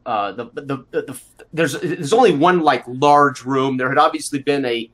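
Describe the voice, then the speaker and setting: A man's voice: mid-range voice, fairly bright tone. A man running a tabletop role-play game as game master, narrating scenes with many fillers and restarts. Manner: halting, full of fillers and restarts.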